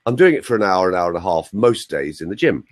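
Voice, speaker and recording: A man's voice: deep voice, big pitch swings, fast. A male voice coach explaining techniques on an online call, with joking asides. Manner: explanatory, demonstrates sounds, jokey asides. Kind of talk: teaching on a group call.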